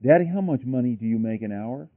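A man's voice: mid-range voice, animated, quick pace, dry recording, lightly acted. Earnest little boy, pleading, man reading it; phone-thin, dry sound. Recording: tinny phone-like line, dry.

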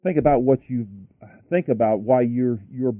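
A man doing a gruff, tired father. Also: medium pitch, moderate pace, no room sound, lightly acted. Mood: angry. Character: tired, irritated working father, short-tempered. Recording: tinny phone-like line, dry.

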